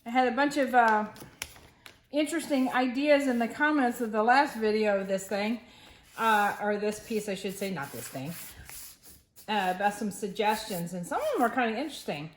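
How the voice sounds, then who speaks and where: Chatty woman, higher voice, thinking aloud. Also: normal speed. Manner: rambling, thinks aloud, self-correcting. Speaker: resin artist. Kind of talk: casual craft tutorial.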